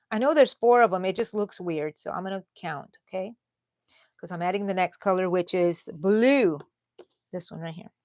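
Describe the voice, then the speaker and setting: A woman's voice: a little mellow, no room sound. Chatty Texan woman in her sixties. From Texas. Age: 60s. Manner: chatty, drops to low mutters and whispers while counting stitches. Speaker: crochet live-stream host. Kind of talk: casual chat while crocheting live.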